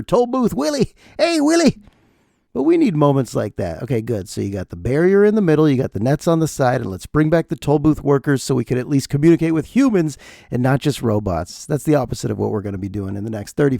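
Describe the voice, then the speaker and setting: A middle-aged man riffs through a comedic podcast monologue with a gravelly, mellow voice that swings all over its range. He rants and jokes in a dry, close studio sound. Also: mid-range voice, dry recording. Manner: animated, ranting, jokey. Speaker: podcast host.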